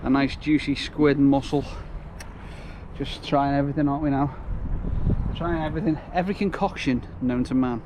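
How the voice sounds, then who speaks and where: Out on a windy riverbank, a man films himself as a fishing vlogger, chatting, grumbling and making fun of himself. He talks fairly quickly with a medium pitch and fairly even intonation, while the wind roars loudly across the microphone.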